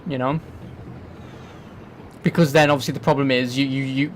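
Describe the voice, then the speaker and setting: An English man chatting casually while he plays, rambling and swearing with a jokey tone. His pitch sits mid-range, with faint background noise behind him. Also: level tone, a little fast. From England. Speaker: streamer. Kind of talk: casual gaming commentary.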